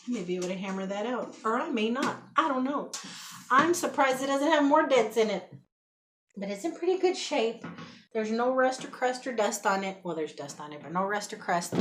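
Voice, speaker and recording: A talkative woman gushing about her finds in a relaxed home vlog, her voice sitting at an ordinary middle pitch. She chats excitably and speaks straight to her viewers as y'all. A faint hiss of noise sits under the recording. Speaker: thrift haul vlogger. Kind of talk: casual chat to camera.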